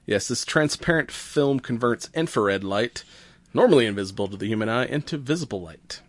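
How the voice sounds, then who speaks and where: A man co-hosting a casual podcast, explaining science news in a relaxed way, with fillers and easy laughs. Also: medium pitch, fairly quick. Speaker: podcast co-host.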